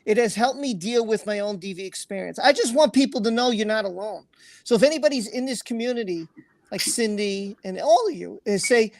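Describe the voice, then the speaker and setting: Man, livestream host, gravelly voice, earnest and emotional, dry close sound. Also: high-pitched, expressive, fairly quick, darkish tone, dry recording. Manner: earnest and emotional, swears freely, repeats phrases. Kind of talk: emotional livestream chat, reading comments aloud.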